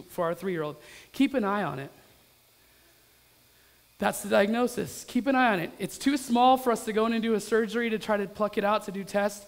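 A man's voice: sits high, in a large hall. A man in his thirties preaching a sermon to a church audience, candid and conversational, building to emphatic repetitions. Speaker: pastor. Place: church hall.

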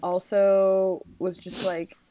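A young woman co-hosting a podcast, joking playfully and trailing off softly. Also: mid-range voice, level tone, slow, slight background noise. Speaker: podcast co-host. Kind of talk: casual movie recap chat.

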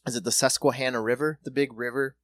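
A man's voice: mid-range voice, steady tone, fast, no room sound. A man co-hosting a casual podcast, joking and swearing, breaking into acted-out quotes. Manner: profane, joking, bursts into loud acted-out quotes. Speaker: podcast co-host. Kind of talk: casual chat.

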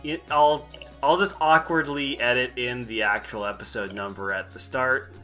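A man's voice: mid-range voice, moderate pace, pushed and bright, soft background music. A man hosting a podcast in casual chat, rambling and self-deprecating with restarts. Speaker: podcast host.

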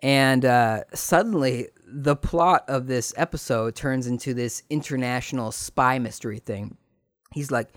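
Brief: man hosting a casual solo podcast, rambling, animated, lively storyteller, dry close sound. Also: medium pitch, a little slow, dry recording. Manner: rambling, animated retelling with voices for quotes. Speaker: podcast host.

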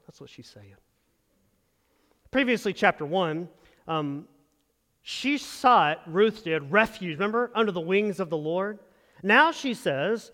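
A man's voice: high-pitched, expressive, a little slow, fairly bright tone, big-room sound. A man preaching a sermon in a conversational way, asking the congregation rhetorical questions as he explains a passage. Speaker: pastor.

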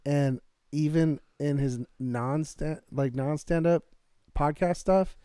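A man co-hosting a podcast, chatting casually in a laid-back way, laughing often and clearing his throat. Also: a little high, takes it slowly, warm tone, no echo. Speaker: podcast co-host. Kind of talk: casual chat.

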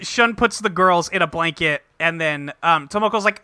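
A man casually recapping an episode with a co-host, swearing freely and acting out the characters in quick quotes. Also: on the high side, pushed and bright, smooth, dry recording, studio quality. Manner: loose, profane, acts out characters in quick quotes. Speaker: podcast co-host recapping an anime. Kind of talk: casual chat.

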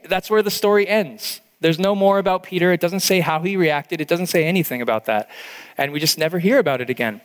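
A man's voice: fairly high pitch, in a large hall. A male pastor preaching an earnest, heartfelt sermon, with frequent restarts.

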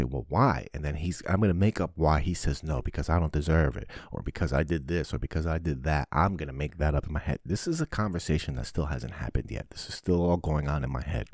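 A podcast host with a very low voice, recorded dry and close to the mic. He talks in a loose, blunt monologue, swearing often and acting out the scenes he describes. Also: no room sound. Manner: blunt, profane, animated storytelling. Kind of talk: casual monologue.

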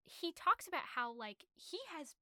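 A woman with a bright, crisp voice sits close to the mic and chats about a novel, with no room sound around her. She retells the plot in an animated, rambling way, full of fillers and restarts, and her voice sits a little above the usual range. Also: high-pitched, normal speed, no room sound. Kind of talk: casual literary discussion.

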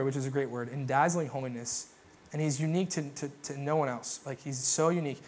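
A young adult man giving a sermon in a relaxed, conversational way, full of fillers and restarts. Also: mid-range voice, a little fast. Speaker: pastor.

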